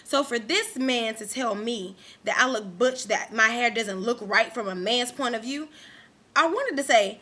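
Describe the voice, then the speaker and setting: A woman's voice: on the high side, a little slow, sharp tone. Fired-up young woman ranting to camera. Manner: heated, emphatic, repeats herself. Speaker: vlogger. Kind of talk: angry vlog rant to camera.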